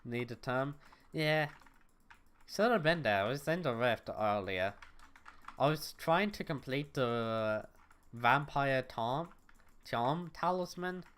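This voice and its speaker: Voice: medium pitch, animated, slow, fairly bright tone, clean tone. A young adult livestreamer at home, chatting casually with viewers and thinking aloud while playing. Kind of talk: casual gaming stream chat. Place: at home, neighbors next door.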